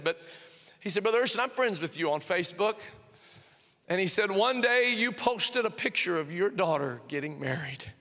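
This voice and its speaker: A middle-aged man preaching as senior pastor, telling a story and acting out both sides of a conversation. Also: high-pitched. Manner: animated, repeats phrases, acts out both sides of a dialogue. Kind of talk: sermon with storytelling. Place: church sanctuary. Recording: long reverb of a church hall. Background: long hall reverb.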